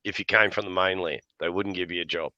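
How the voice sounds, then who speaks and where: Give me a bright-voiced Australian man spinning yarns. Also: sits low, quick pace, dry recording, highs cut off. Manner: laughs often, swears freely, lively yarn-spinning. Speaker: livestream host. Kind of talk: casual chat with jokes and yarns.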